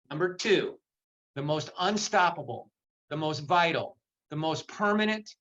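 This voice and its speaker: Older guy doing a fired-up motivational talk over a video call, bright voice, kinda muffled audio. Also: on the high side. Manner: impassioned, emotional, repeats for emphasis. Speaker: motivational speaker. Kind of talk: virtual seminar talk.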